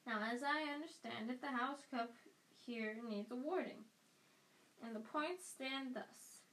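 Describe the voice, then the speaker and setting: A woman voicing a cheerful old male wizard headmaster who speaks in a slow, rambling, measured way. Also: high-pitched, fairly bright tone, slight background noise, low-quality recording. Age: older.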